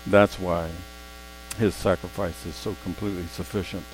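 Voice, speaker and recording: A man preaching a sermon, swinging between quiet, slow asides and loud, emphatic exclamations. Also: low-pitched, fairly even intonation, a little hiss or hum, poor audio.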